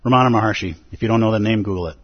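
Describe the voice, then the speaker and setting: A man's voice: fairly low pitch, racing, slightly rough, muffled recording. A man giving a dharma talk as a meditation teacher, earnest and pleading, with playful asides.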